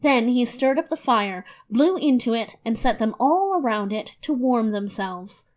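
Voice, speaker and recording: A woman narrating a fairy tale in a lively, expressive storybook reading. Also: fairly high pitch, a little slow.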